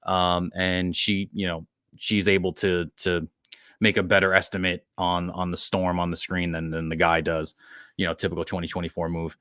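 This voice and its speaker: Low-voiced man rambling through a review. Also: monotone, normal speed, sharp tone, dry recording, studio quality. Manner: rambling, opinionated, many restarts and fillers. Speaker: podcast host. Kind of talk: casual movie review.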